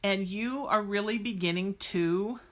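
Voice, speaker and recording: A woman's voice: mid-range voice, measured pace. A woman hosting a psychic podcast, chatting casually and bluntly with viewers and cheering them on with gushing enthusiasm. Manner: blunt, exuberant, gushing, breaks into cheers and song snippets. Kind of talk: casual live-stream chat with viewers.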